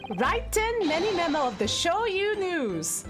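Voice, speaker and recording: A woman's voice: very animated, takes it slowly, music in the background, exaggerated voice. A woman voicing a showy, smug male newspaper reporter in a video game, in a poor put-on Australian accent. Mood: hammy. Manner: hammy, giggly, voice climbs higher.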